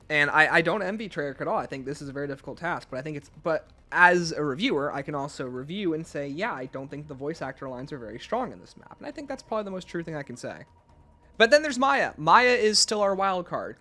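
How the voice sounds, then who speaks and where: Bright-voiced male game reviewer. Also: a little high. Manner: casual, rambling, frequent restarts. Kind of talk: unscripted video review.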